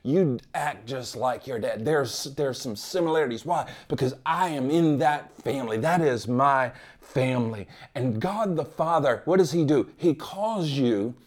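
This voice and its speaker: A man's voice: mid-range voice, lively intonation, moderate pace, few pauses. Impassioned male pastor preaching. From United States. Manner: impassioned preaching with rhetorical questions and swings between loud and hushed. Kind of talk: sermon. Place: church gathering.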